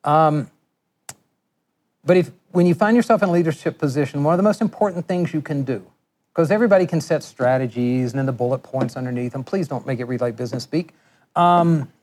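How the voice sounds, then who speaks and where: A middle-aged man giving a lecture, telling animated workplace anecdotes and acting out the voices of people he quotes. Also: medium pitch. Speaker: guest lecturer. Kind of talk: storytelling lecture.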